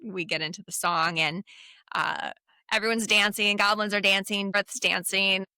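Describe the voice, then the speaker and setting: A woman's voice: medium pitch, steady tone, moderate pace, pushed and bright, clear, resonant tone, dry recording, clean studio sound. A middle-aged woman co-hosting a podcast, casually retelling film scenes and acting out the characters' lines with laughs. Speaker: podcast co-host. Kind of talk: casual film rewatch chat.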